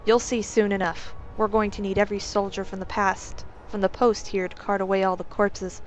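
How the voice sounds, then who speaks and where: A woman reads a stern guard captain with a measured, questioning manner. He sounds grave and methodical. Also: mid-range voice, level tone, soft background music, natural voice, poor audio.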